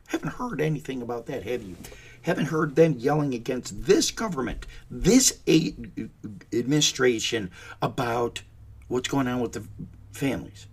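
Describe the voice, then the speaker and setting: A man's voice: mid-range voice, expressive, unhurried, breathy edge. A man giving ranting commentary in a sarcastic, mocking manner.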